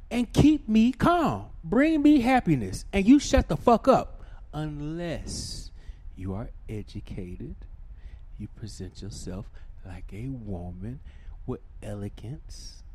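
A man telling a profane, ranting story, swinging from shouting to low muttering. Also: slightly rough.

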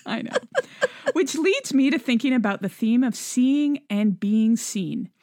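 A woman with a fairly high voice reads listener emails on a podcast and chats about them. She sounds earnest and laughs easily. The recording is dry and close. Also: lively intonation, a little slow, dark tone, no room sound. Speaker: podcast co-host. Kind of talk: casual podcast chat, reading listener emails.

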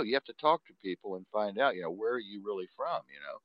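A man's voice: on the low side, big pitch swings, a little fast, few pauses, dry recording, dull audio. A man with a Texan accent hosting a live stream, rambling casually, laughing often, with a constant "you know". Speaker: host of a live talk stream.

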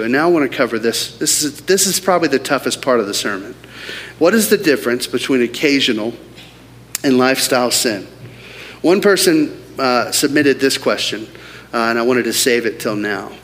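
A man's voice: mid-range voice, fairly bright tone. Earnest male pastor preaching in a hall. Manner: earnest, emphatic preaching with rhetorical questions. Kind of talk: sermon. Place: church auditorium. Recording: hall reverb, faint background noise.

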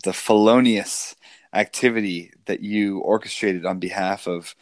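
Low-voiced man mocking politicians. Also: fairly even intonation, measured pace, no echo, studio quality. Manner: mocking, rambling with many fillers. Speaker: podcast co-host. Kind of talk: casual political banter.

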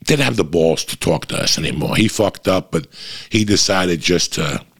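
Middle-aged man, very low and husky, casual foul-mouthed monologue. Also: animated, normal speed, a bit bright. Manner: profane, rambling, frequent restarts.

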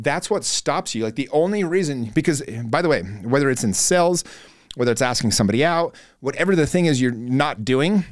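A man's voice: fairly high pitch, no room sound. Earnest man coaching, dry close sound. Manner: earnest, coaching tone with many fillers and restarts. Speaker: podcast host. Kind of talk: motivational monologue.

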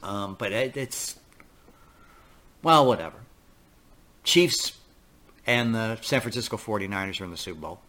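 A man's voice: on the low side, unhurried, long pauses, bright, forceful tone. A man hosting a talk podcast in a casual, rambling monologue, often restarting his sentences. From New York area. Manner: rambling, repeats himself, acts out quoted voices. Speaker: podcast host.

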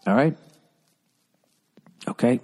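A man with a slow, slightly mellow voice hosts a solo podcast, telling stories in a profane, rambling, exasperated way. He fills his storytelling with voiced asides.

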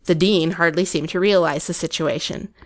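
A woman giving a measured, expressive audiobook reading of an old ghost story. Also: on the low side. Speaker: narrator.

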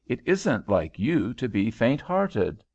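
A man's voice: mid-range voice, sing-song, takes it slowly, creaky, darkish tone, slightly rough, dry recording, heavily acted. A man voicing an earnest, wondering young American girl in a storybook reading. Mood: teasing. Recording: dull lo-fi recording.

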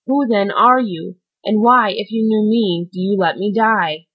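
A woman's voice: medium pitch, unhurried, husky. A woman reading an audiobook, voicing a dying, desperate male criminal who speaks in a fervent, pleading way. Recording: dull lo-fi recording.

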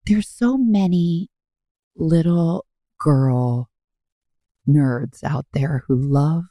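A woman's voice: low-pitched, drawn-out words, warm tone, no echo, clean studio sound. A woman co-hosting a podcast in casual chat, effusive and rambling. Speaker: podcast co-host.

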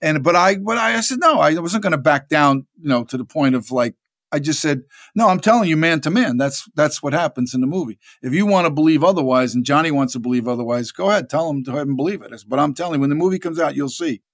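Speaking quickly in a fairly high register, this male actor tells meandering stories as an interview guest. The conversation is casual, and he lively acts out the voices of the people in his tales.

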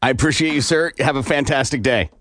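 A man hosting a call-in radio show, greeting callers, joking and briskly moving them along. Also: mid-range voice, crowd noise.

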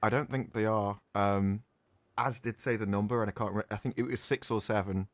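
A man's voice: lowish voice, fairly even intonation, a crowd in the background. A man co-hosting a casual chat, talking through criticisms in detail. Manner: fast-talking, critical, analytical. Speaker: podcast co-host.

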